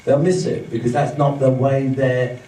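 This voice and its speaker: A man's voice: medium pitch, fairly even intonation, normal speed, dark tone. Demonstrative male trainer in a roomy hall. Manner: demonstrative, acts out speeds and gestures as he explains. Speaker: communication trainer. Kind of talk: live training seminar talk. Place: training room with an audience. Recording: roomy, distant, faint background hum.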